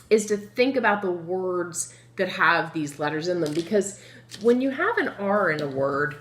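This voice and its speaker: Woman teaching phonics in an echoey room. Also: medium pitch. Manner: slow, drawn-out sounding of words; lively, encouraging, asks the children questions. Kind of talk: phonics lesson for young children. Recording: echoey room with faint noise.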